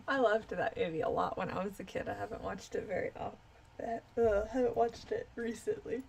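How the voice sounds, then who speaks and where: Tired woman streamer chatting at home, creaky voice, meandering and full of ums. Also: medium pitch, normal speed, darkish tone, slight background noise. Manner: rambling, with frequent fillers. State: tired, yawning. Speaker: live streamer. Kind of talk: casual live stream chat.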